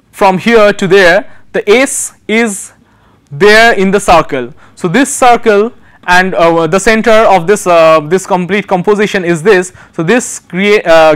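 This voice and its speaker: A male university lecturer talks through design slides in a fairly high, clean and resonant voice. His delivery is halting, full of pauses and restarted phrases as he searches for the next word. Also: a bit bright.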